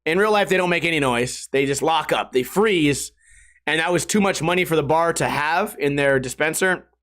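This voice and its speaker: Guy rambling thru bar stories on his podcast, kinda high voice, laughs a lot. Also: moderate pace. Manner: rambling, animated, laughs through stories, swears casually. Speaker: podcast host. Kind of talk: casual solo podcast storytelling.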